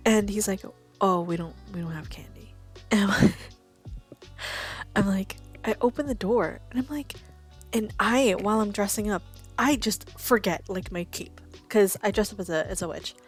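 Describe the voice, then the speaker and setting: A woman's voice: mid-range voice, moderate pace, breathy edge, soft background music. A woman streaming, telling stories in a casual, chatty way, laughing often and swearing. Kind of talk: casual stream chat, storytelling.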